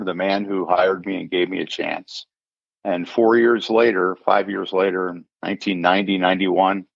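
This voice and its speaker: A man's voice: fairly low pitch, gravelly, dry recording. An older man, a retired forensic accountant, telling a story in an interview and acting out the voices of the people in it. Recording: dull lo-fi sound.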